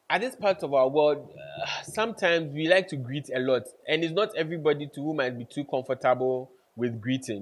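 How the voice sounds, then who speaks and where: A man's voice: mid-range voice, fairly bright tone. A man giving networking advice to camera, emphatic, repeating key points and checking in with his listeners. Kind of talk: casual instructional talk to camera.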